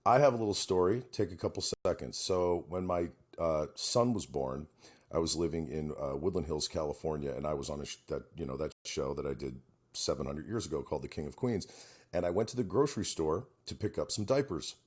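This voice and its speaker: A man's voice: a bass voice, a little fast, husky. A middle-aged man co-hosting a podcast, telling stories in a loose, swearing, casual chat. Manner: animated storyteller, swears freely. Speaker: podcast co-host.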